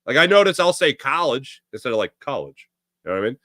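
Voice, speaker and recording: A man's voice: mid-range voice, very animated, very fast, bright, forceful tone, dry recording. A middle-aged man from the Philadelphia area with a slight Philly accent, hosting a casual sports talk monologue in a rambling, conversational way full of fillers and restarts. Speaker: sports podcast host.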